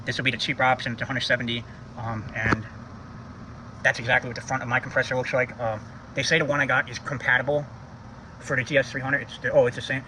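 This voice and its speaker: A man's voice: medium pitch, little pitch movement, fast, background noise. A man talking casually while he works on his car, thinking aloud and swearing freely. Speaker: car vlogger. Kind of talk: casual DIY repair vlog. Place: home driveway by a car.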